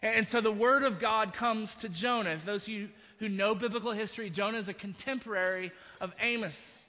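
A man's voice: sits high, a little fast, bright, forceful tone, big-room sound, lo-fi sound. A man preaching a sermon, retelling a story with frequent restarts and asides. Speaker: pastor.

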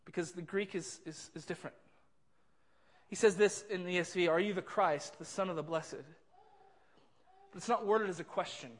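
A man preaching a sermon, retelling a scene with earnest, vivid storytelling and frequent repeats. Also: high voice. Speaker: pastor.

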